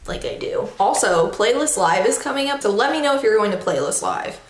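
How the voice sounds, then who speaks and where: A woman's voice: medium pitch, lively intonation, brisk. A woman in her twenties chatting casually while doing her makeup, self-deprecating and loose with slang. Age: 20s. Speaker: beauty vlogger. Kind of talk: casual get-ready-with-me chat. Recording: echoey room.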